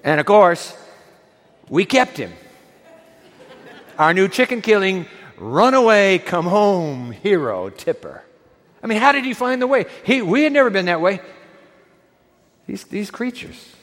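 A male pastor delivers a sermon with a high-pitched voice, building drama and then sinking into quiet, pointed emphasis. His words ring out with a long reverb, as if spoken in a large church sanctuary. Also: sing-song, a little slow, long pauses. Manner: dramatic storytelling, drops to soft emphasis.

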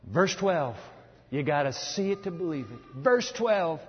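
A man preaches a dramatic sermon in a high, husky voice that leaps across its range, swinging from booming to hushed. The sound is dull and lo-fi, with a long reverb from a large hall. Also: sing-song, a little slow.

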